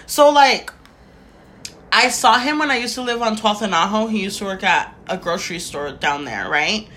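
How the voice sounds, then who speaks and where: A young woman co-hosting a podcast, chatting casually, swearing and dropping to low asides. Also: moderate pace, fairly bright tone, a little hiss or hum. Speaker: podcast co-host; store clerk. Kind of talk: casual chat.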